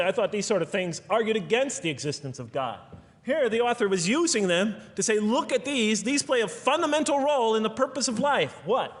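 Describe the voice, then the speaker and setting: A man giving a reflective lecture, quoting scripture in a soft, low voice. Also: long reverb tail. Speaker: lecturer on video. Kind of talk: recorded lecture.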